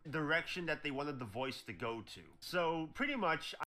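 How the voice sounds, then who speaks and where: A man's voice: a little high, animated, moderate pace, pushed and bright. A man who works as a voice actor, talking casually about his voice work and demonstrating how he found each voice.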